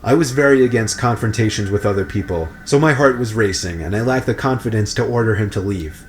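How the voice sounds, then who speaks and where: A man giving a scripted, steady narration of a creepy story. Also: lowish voice, a little fast, slight background noise.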